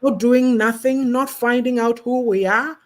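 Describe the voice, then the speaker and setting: A woman's voice: a little high, measured pace. A woman from Ghana speaking in casual conversation, outspoken and impassioned. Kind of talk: casual chat.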